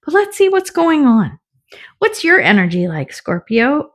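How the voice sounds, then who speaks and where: A woman's voice: high voice, big pitch swings, measured pace. A middle-aged woman giving a casual tarot reading, chatty and often laughing, with the odd swear word. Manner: chatty, laughing, swears, acts out little voices. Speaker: tarot reader.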